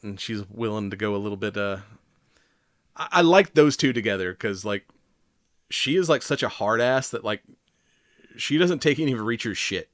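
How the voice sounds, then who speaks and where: A man's voice: on the low side, lively intonation, normal speed, pauses often, fairly bright tone, no echo. Laughing man, dry close sound. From Southern United States. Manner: loose and rambling, swears a lot, laughs often. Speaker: podcast host. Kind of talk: casual chat.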